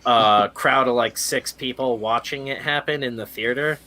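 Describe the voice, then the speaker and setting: A man's voice: mid-range voice, normal speed, sharp tone. A man hosting a podcast in casual chat, rambling and filling his talk with "like" and "uh". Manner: rambling, fills speech with "like" and "uh". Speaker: podcast host.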